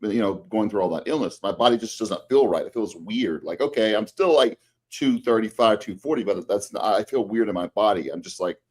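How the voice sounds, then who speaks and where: A man's voice: fairly low pitch, a little fast, hardly any pauses. A middle-aged man and fitness coach, co-hosting a casual podcast chat, rambling with many fillers and restarts.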